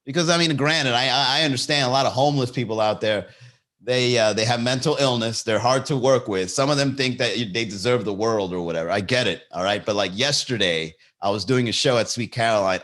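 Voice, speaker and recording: A man hosting a comedy podcast, telling a story in a loose monologue and jumping into high voices for the people in it. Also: brisk. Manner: animated, jumps into high-pitched impressions of people in his stories.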